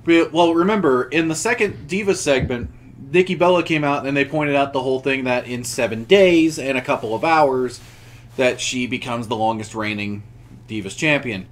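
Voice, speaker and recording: A man's voice: medium pitch, normal speed. A young man chatting casually on a podcast, recapping a wrestling show with lots of restarts and laughter. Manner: rambling, many restarts, laughs while telling. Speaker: podcast co-host.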